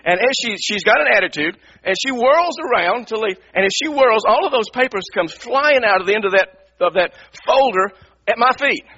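A middle-aged man, a pastor, telling a personal story in a sermon, animated and repeating himself as he acts out his frustration. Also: high-pitched, brisk, breathy edge. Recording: dull lo-fi radio broadcast.

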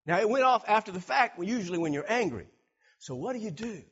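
A man preaching a sermon, animated, acting out everyday scenes and repeating words for emphasis. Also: sits high, fast, husky, dull audio. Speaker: pastor.

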